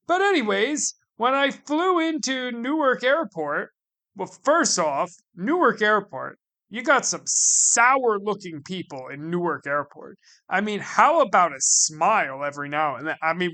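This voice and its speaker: A man's voice: sits high, pushed and bright. A man from the United States telling a casual comedic travel story, rambling and sarcastic, repeating himself with many asides.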